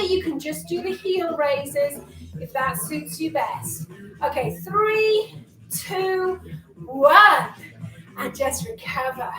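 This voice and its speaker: In a home room indoors, a woman with a high, fairly bright voice coaches a live online workout, a bit out of breath as she encourages, counts down and chats. She's distant from the mic, the space echoes, and faint music runs underneath.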